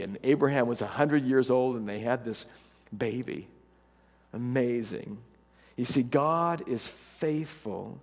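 Male preacher, mid-pitched, lively humorous storytelling, long church reverb. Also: husky. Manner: animated, humorous storytelling with acted quotes. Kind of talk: sermon.

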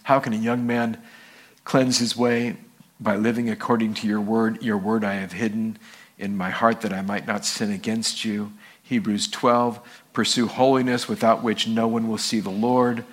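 A male pastor preaching a sermon, telling stories and acting out the people in them with a raised voice. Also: normal speed. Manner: animated storytelling, acts out quoted people in a high voice.

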